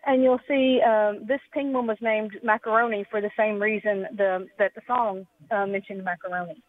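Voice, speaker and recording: A woman's voice: mid-range voice, fairly even intonation, moderate pace. A woman from Tennessee calling in as a homeschool teacher, explaining things hesitantly with many fillers. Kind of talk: phone-in call. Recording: tinny phone line.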